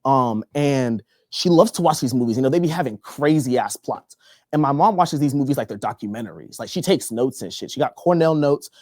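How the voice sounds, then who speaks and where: A young male comedian from Texas tells a long story on stage. He delivers it with animated energy and a lot of profanity. His voice sits in a middle range and sounds dry and close, with no echo. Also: mid-range voice. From Texas, USA. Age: young adult. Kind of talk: stand-up comedy.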